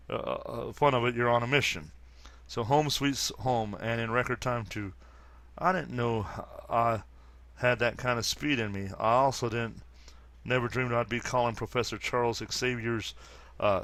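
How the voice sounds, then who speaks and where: A man around fifty reading a comic aloud and commenting casually, halting often with fillers and restarts. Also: medium pitch, fairly bright tone. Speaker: comic book reader and commentator.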